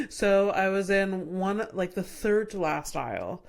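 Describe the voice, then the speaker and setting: A woman's voice: mid-range voice, animated, takes it slowly, vocal fry. A young woman co-hosting a podcast, telling a childhood story in a rambling, chatty way and laughing often. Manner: laughs often, rambling anecdote with acted-out quotes. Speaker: podcast co-host. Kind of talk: casual chat, storytelling.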